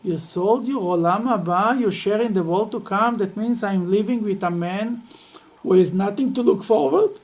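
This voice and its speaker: A man's voice: high-pitched, moderate pace, a little mellow, rough recording. An indignant, strong-willed wife and businesswoman, voiced by a man retelling a story. She speaks in firm, commanding bursts.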